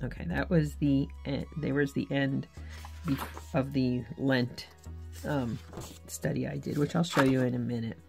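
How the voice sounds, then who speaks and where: Woman faith vlogger, deep voice, sincere and candid, talks casually and corrects herself as she goes. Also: steady tone, measured pace, vocal fry, dark tone, faint music behind. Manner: earnest, candid, self-correcting. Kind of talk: casual devotional vlog talk.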